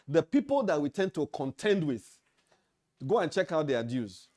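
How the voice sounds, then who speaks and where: Speaking at a moderate pace with a slightly high, somewhat mellow voice, this Nigerian-accented leadership trainer is very animated. He addresses association officials in a meeting hall, stressing ideas emphatically through repetition.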